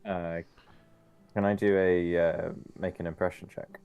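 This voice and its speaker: A man's voice: low-pitched, flat delivery, measured pace, creaky, smooth, phone-quality sound. A man playing in a tabletop game, asking about his rolls in a casual, hesitant way. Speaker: player.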